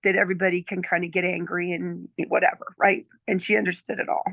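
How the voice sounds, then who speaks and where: Chatty grandmother in her sixties, gravelly. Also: lowish voice, little pitch movement, fast, fairly bright tone, dry recording. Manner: chatty, checks in with "okay?" and "right?". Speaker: client giving a testimonial. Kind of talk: casual storytelling chat.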